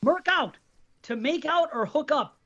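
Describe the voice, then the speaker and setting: A man's voice: very high-pitched, animated, unhurried, sharp tone. A man co-hosting a podcast, chatting casually and rambling through stories, cursing freely. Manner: rambling and storytelling with profanity. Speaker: podcast co-host. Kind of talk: casual chat. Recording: dull lo-fi sound.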